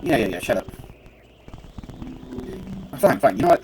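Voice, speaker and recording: A man's voice: fairly low pitch, big pitch swings, a little slow, pauses often, noisy background. A man giving casual gameplay commentary, muttering to himself and bursting into cursing rants. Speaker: gamer playing a role-playing game.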